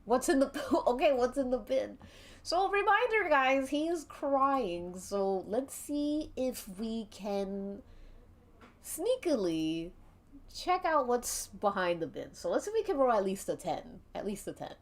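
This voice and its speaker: Giggly streamer woman with a lively voice. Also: a little high, measured pace. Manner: giggly, swears casually. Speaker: streamer and game narrator. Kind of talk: narrating an interactive mystery game.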